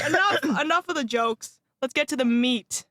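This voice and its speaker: A woman's voice: high-pitched, moderate pace, pushed and bright. A young woman co-hosting a college radio podcast, casual and playful, often giggling and repeating her co-host's words. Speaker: podcast co-host. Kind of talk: casual chat.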